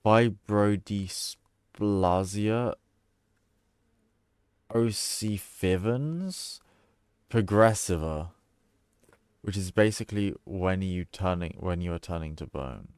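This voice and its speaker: Deep-voiced joking man streaming a game. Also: moderate pace, few pauses, a little mellow, clean tone, no room sound, clean studio sound. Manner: joking, chatty, swears casually. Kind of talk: gaming stream commentary.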